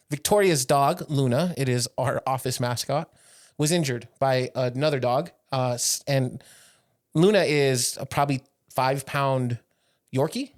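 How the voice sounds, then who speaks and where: A young man co-hosting a podcast, telling stories in a casual, animated way, teasing his friend and laughing a lot. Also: mid-range voice. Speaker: podcast co-host and business owner. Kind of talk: casual chat.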